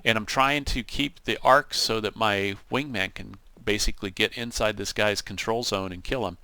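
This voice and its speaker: A man giving casual, animated commentary over his own flight-sim gameplay, acting out what he and his wingman said. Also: lowish voice, moderate pace, clean tone, no room sound. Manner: animated storytelling, acts out radio calls. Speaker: gaming channel host.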